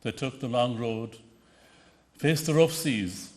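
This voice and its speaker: Slow and mid-range in voice, a man with a Connemara accent from Ireland's west offers a storytelling tribute at an award ceremony. Frequent restarts and hesitations break up his anecdotes.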